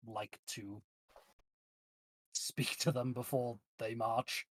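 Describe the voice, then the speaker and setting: A man playing a tabletop game, speaking in a steady, matter-of-fact way. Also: mid-range voice, slow pace, no room sound. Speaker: player. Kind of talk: casual tabletop play.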